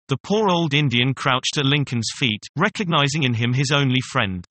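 Bright-voiced man reading a storybook. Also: medium pitch, lively intonation, moderate pace, few pauses, no room sound. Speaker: story reader.

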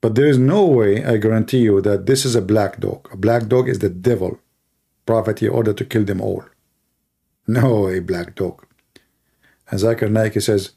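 Male apologist, mellow, gravelly voice, dry sarcastic delivery. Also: lowish voice, moderate pace. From Middle East. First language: Arabic. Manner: sarcastic, mocking. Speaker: Christian apologist. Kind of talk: mocking commentary and anecdotes.

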